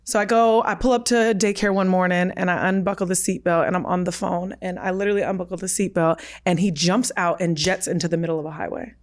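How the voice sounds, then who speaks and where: A woman's voice: fairly low pitch, fairly even intonation, fast, hardly any pauses. A woman in her thirties telling a candid personal story on a podcast, emphatic, acting out what others said. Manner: emphatic, acts out quoted dialogue. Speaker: podcast guest.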